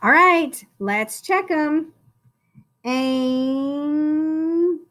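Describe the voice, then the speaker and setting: A woman leads a phonics lesson for young children, stretching out each sound as she spells words aloud. Her voice is bright and fairly high, and it swoops up and down in an encouraging, sing-song way. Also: very animated. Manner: slow, drawn-out sounding out of words. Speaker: first-grade teacher.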